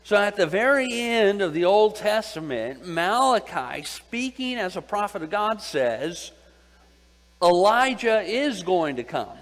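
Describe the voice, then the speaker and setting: A man teaching a Bible sermon, pausing often to ask his listeners questions and repeating his key points. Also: sits high, very animated, fairly bright tone. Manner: deliberate, asks the audience questions and repeats key phrases. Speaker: preacher. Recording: long hall reverb.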